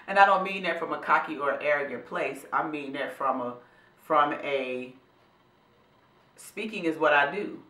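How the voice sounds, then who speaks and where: A woman vlog host who speaks professionally, giving a motivational talk to camera in a preachy, animated way. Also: deep voice, normal speed, echoey room. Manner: animated, preachy, addresses viewers as y'all and honey.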